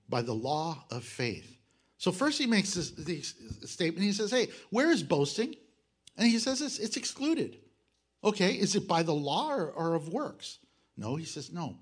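A man preaching a sermon, animated, acting out quoted voices and swinging between loud and soft. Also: fairly high pitch, husky. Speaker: pastor.

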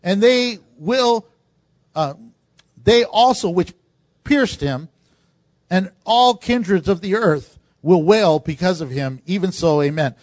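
A man preaching as pastor, animated, acting out the voices of people he quotes. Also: sits high, slow pace, no room sound. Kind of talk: sermon.

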